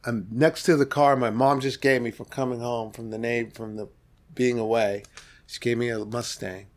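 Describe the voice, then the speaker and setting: A man's voice: medium pitch, moderate pace. Middle-aged man telling a vivid story. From Los Angeles. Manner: vivid, animated retelling with sudden rises and soft drop-offs. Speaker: podcast guest. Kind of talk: candid storytelling about his past.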